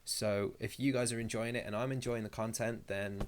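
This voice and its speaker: A man's voice: on the low side, steady tone, normal speed, a little hiss or hum. Chatty young man on a live stream. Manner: chatty and rambling, with jokey asides. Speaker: YouTuber hosting a live stream. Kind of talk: casual live-stream chat, reading viewer comments aloud.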